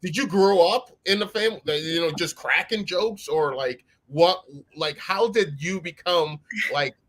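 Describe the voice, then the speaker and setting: A man hosting a podcast, asking a guest rambling, halting questions full of fillers. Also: on the high side, fairly bright tone. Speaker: podcast host. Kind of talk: casual interview questions.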